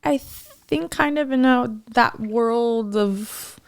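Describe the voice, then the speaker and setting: A woman's voice: fairly high pitch, takes it slowly, clear, resonant tone. A middle-aged woman co-hosting a casual podcast chat, telling stories with lots of laughter and acting out what people said. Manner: animated storyteller, acts out quotes, laughs often. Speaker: podcast co-host.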